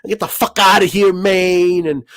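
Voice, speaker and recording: A man's voice: high voice, steady tone, unhurried, fairly bright tone. A man doing a curt, clipped boxer. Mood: blunt. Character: famous male boxer, blunt tough talker.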